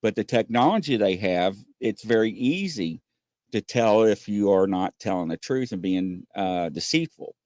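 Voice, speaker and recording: A man hosting a casual podcast, telling stories with lots of pauses and acting out what people said. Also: fairly low pitch, expressive, darkish tone, dry recording, studio quality. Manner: rambling storyteller, many "uh" pauses, acts out quotes. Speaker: podcast host. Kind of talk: casual chat.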